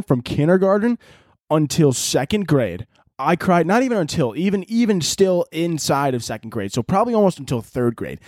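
A man's voice: mid-range voice, a little mellow, no echo, studio quality. A young man hosting a solo podcast, telling rambling, profane stories with frequent laughter and sometimes out of breath. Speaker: podcast host.

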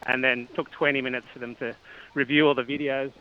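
A middle-aged Australian man chats as an interview guest, hesitating and restarting his sentences with plenty of fillers. His voice sits in a middling pitch. The line is dull and a bit lo-fi. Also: level tone, brisk, slight background noise. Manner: hesitant, many fillers and restarts, chuckles often. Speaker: cycling coach and parent guest. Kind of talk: casual interview chat.

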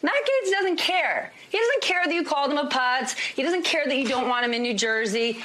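A woman's voice: high-pitched, expressive, moderate pace, a bit bright. Pointed woman news anchor. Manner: pointed, questioning. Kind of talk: news interview questions.

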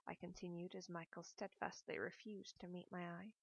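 A woman reading a novel aloud in the first person, in a measured, melancholy storytelling manner. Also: on the low side, little pitch movement, gravelly, breathy edge, no room sound. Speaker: audiobook narrator. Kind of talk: first-person audiobook narration. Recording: dull, dry audiobook recording.

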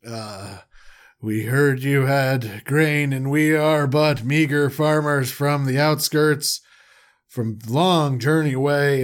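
A man playing humble, nervous farmer brothers who plead in a stammering, overly formal way. The voice is fairly high and drawn out. It stays close to an everyday speaking voice.

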